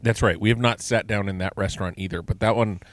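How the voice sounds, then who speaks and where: A man's voice: fairly low pitch, fairly even intonation, quick pace. A middle-aged man co-hosting a podcast, chatting casually and enthusiastically and asking lots of questions. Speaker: podcast co-host. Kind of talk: casual chat.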